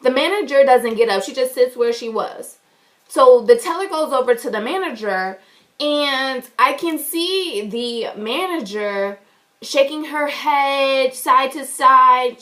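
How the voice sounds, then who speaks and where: A woman's voice: sits high, animated, unhurried, fairly bright tone. A woman vlogger telling a story in an indignant, emphatic way, swearing freely. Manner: indignant, emphatic and profane retelling. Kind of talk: storytime vlog.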